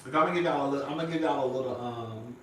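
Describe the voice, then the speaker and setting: A man's voice: mid-range voice, very fast, a bit bright, far from the mic, slight background noise. A man chatting sassily to his viewers, calling everyone "girl" and "honey" and breaking into laughter. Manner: flamboyant, sassy, says "girl" and "honey" constantly, bursts into singing and laughter. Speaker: vlogger. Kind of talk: casual chat to viewers. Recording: echoey room, voice off-mic.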